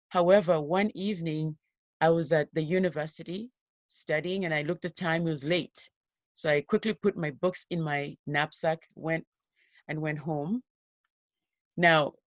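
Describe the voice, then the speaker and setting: A woman guest on a podcast, earnestly retelling a personal story in a steady voice with emphatic rises. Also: deep voice, no echo, muffled recording.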